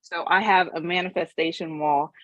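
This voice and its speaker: A woman's voice: lowish voice, fairly even intonation, moderate pace, dry recording, lo-fi sound. A woman giving a casual motivational webinar talk as a money mindset coach, telling her story earnestly and emotionally.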